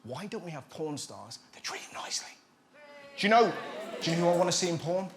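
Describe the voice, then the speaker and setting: A man's voice: fairly high pitch, expressive, quick pace. A man doing a stand-up monologue as host, mocking and slipping into silly voices. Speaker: comedian host. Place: studio with live audience. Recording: loud crowd and noise. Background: audience laughter.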